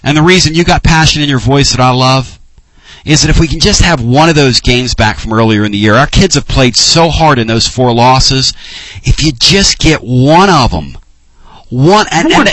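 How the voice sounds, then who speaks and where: A man's voice: mid-range voice, fairly bright tone, no room sound. A middle-aged man hosting sports talk radio, passionate and emotional. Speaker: radio host.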